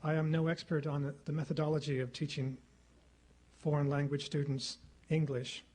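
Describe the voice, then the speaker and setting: Measured, husky-voiced man giving a lecture. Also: a little high, flat delivery, a little mellow. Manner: measured, rhetorical, repeating phrases for effect. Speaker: guest lecturer. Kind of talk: formal public lecture. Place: lecture hall. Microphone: podium microphone.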